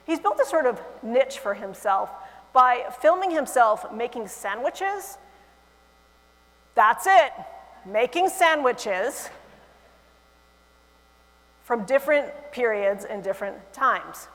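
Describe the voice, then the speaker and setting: A woman giving a conference keynote on stage, lively and humorous, with animated asides. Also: fairly high pitch, slow, pauses often. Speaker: keynote speaker. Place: large conference hall, on stage. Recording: long hall reverb.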